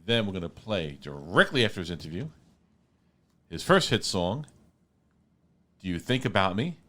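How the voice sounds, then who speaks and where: A man with a New York accent hosts a relaxed radio interview. His voice sits very low but swings widely in pitch. He jokes around and repeats words. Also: normal speed. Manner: playful, repeats words, trails off quietly. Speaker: radio show host. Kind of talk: casual interview chat.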